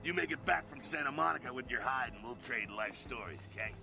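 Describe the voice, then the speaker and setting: An actor playing a gruff, impatient male vampire mentor who talks bluntly, from a video game. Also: mid-range voice, animated, quick pace. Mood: brusque. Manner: blunt, rough-talking. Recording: game audio with music behind.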